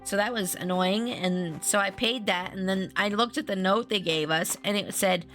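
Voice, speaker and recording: A woman's voice: medium pitch, normal speed, fairly bright tone. A woman live-streaming a farming game, chatting to viewers in a rambling way and often restarting her sentences. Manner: talks to viewers and reads chat aloud. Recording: faint game music underneath.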